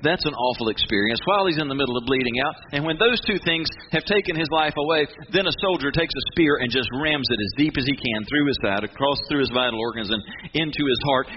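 A man preaching a sermon in an emphatic voice, breaking off and restarting as he drives his points home. The recording is a bit dull and muffled, with noise hissing clearly behind him. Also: mid-range voice. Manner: emphatic, with many restarts and dramatic pauses. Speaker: pastor. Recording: muffled with noticeable background noise.

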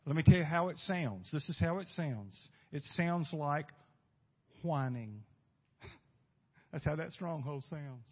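A husky-voiced male preacher whose tone sits a little high. He delivers a sermon in swings from loud bursts to near-whispers and keeps asking his listeners rhetorical questions. The recording is dull and lo-fi. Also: unhurried. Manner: emphatic preaching with sudden swings between loud and hushed; asks the congregation rhetorical questions. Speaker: pastor.

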